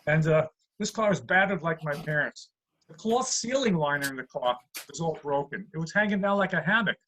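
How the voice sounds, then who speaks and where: A comedian delivers deadpan one-liners in a high voice. He is heard through a computer mic on a video call from home. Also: fairly quick, a little hiss or hum, rough recording. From USA. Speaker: stand-up comedian. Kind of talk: stand-up routine.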